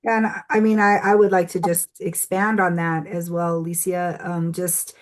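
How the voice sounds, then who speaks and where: A woman speaking as a guest on a podcast, an assistant professor, talking in an unhurried, thoughtful way with many fillers. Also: lowish voice, little pitch movement. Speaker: assistant professor, incoming association president.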